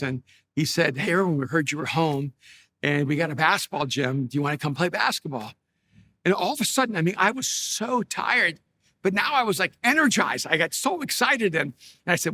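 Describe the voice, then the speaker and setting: A man's voice: on the high side, fairly quick, sharp tone. A middle-aged male pastor giving a conversational sermon, telling stories with humor and frequent restarts. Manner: storytelling with many restarts and self-deprecating humor.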